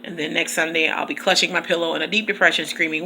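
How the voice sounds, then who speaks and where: A woman's voice: deep voice, steady tone, fast, pushed and bright, a little hiss or hum. A woman teacher from Michigan, chatting casually in her car and laughing often. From Michigan, USA. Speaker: teacher and vlogger. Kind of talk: casual chat.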